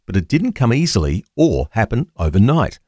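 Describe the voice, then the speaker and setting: A man reading a scripted radio devotional as a story, in an expressive manner. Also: medium pitch, normal speed, breathy edge, dry recording, studio quality. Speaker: devotional reader.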